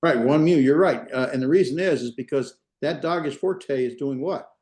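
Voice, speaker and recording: A man's voice: on the high side, moderate pace, darkish tone, echoey room. A male instructor giving an online class lecture, patient and step by step, often checking in with "right?" and quizzing his students.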